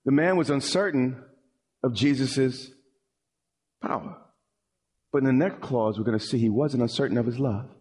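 A pastor preaches a sermon in a dramatic manner, his voice dropping low and quiet before climbing high and pleading. He keeps a moderate pace and pauses often.

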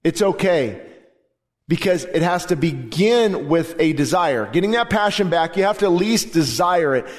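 A male pastor with a notably high voice preaches to his church congregation. His delivery is fervent and earnest, building from quiet reflection up to loud, emphatic proclamations. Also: lively intonation, normal speed, few pauses. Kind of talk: sermon. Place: church sanctuary during a service.

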